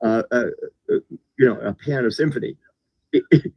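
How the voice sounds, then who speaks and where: A man from the United States, a guest in a casual conversation, who talks haltingly and repeats words as he starts his sentences. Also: medium pitch, lively intonation, vocal fry, husky, no room sound. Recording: dull lo-fi recording.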